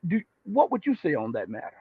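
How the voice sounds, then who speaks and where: A man's voice: a little high, huge pitch swings, brisk, slightly rough, no room sound. A man hosting a casual political chat, talking in a meandering way with many ums, heard over a call. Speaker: host. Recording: tinny dry phone line.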